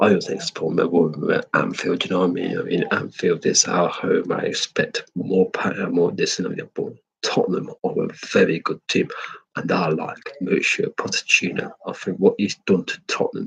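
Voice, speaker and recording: A man's voice: low-pitched, vocal fry, a bit bright, breathy edge, rough recording. An English man giving an opinionated, rambling football match review, swearing freely. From England.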